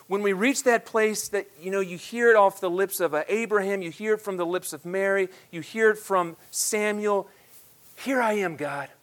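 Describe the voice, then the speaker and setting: A man in his thirties preaching a sermon, swinging between loud, emphatic declarations and hushed, quiet asides. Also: high-pitched. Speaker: pastor.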